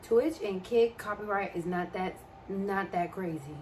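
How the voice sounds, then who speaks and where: A young woman with a DMV accent chatting on a live stream at a middle pitch. She answers her viewers' comments in a loose, chatty way. A faint hum of noise sits under her voice. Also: unhurried, darkish tone. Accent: DMV (Washington, D.C. area) American. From American. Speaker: livestreamer. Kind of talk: casual live-stream chat.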